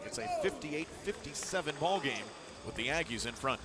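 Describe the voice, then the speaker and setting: A man's voice: fairly high pitch, animated, over loud music. A man doing live radio play-by-play of a college basketball game, calling each pass in short clipped phrases and rising sharply when a basket falls. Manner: rapid clipped play calls, rising sharply at big plays. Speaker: play-by-play announcer. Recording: loud arena noise behind.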